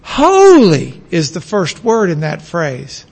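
A man's voice: a little high, huge pitch swings, takes it slowly, gravelly, breathy edge. A man teaching a class, lecturing in a conversational way and stretching out the phrases he wants to stress.

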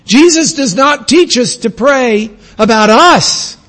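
A man's voice: extremely high pitch, lively intonation, slow pace, a bit bright. A man teaching a class, lecturing in a conversational way and stretching out the phrases he wants to stress.

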